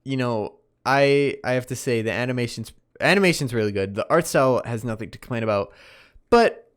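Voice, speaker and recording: A man's voice: medium pitch, fairly quick, smooth. A young man hosting a casual solo podcast, giving a rambling, self-correcting review while tired and yawning. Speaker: podcast host reviewing anime.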